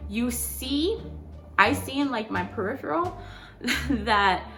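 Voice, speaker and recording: A young woman vlogger telling a story in a casual, animated way, packed with fillers and swearing. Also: a little high, takes it slowly, soft background music.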